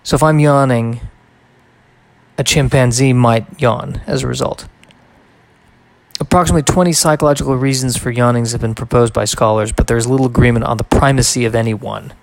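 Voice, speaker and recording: A man's voice: medium pitch, fairly even intonation, a little fast, vocal fry, slight background noise. A man hosting a solo podcast, reading aloud and drifting into wry, rambling asides in a casual way. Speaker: podcast host.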